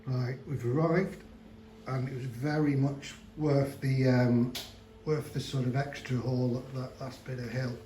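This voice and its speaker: A man chatting through his walking diary in a rambling, relaxed way, full of ums and restarts. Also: medium pitch, unhurried, slight background noise, low-quality recording. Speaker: long-distance walker filming a trail diary. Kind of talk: casual vlog narration.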